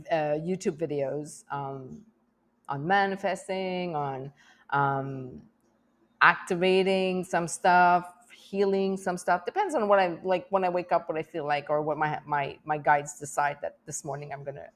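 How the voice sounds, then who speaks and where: A middle-aged woman speaks in an open, emotional personal vlog. Her voice sits a little low, and she rambles, laughs often and restarts her thoughts as she goes. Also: fairly even intonation, a little slow. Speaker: vlogger.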